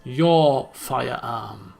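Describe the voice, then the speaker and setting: A man voicing a calm, firm police lieutenant from a video game. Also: mid-range voice, very slow, vocal fry, voice pushed down, heavily acted.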